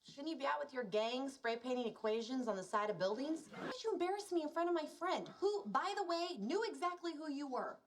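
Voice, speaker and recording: A woman's voice: high-pitched, lively intonation, a little fast, hardly any pauses. An actress playing an exasperated young woman who speaks bluntly to her boyfriend. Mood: annoyed.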